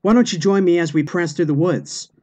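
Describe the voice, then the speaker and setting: A man's voice: high voice, dark tone, dull audio, pitched above the performer's own voice, close to an everyday voice. A man doing a prim, preachy bunny rabbit. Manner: slow and preachy.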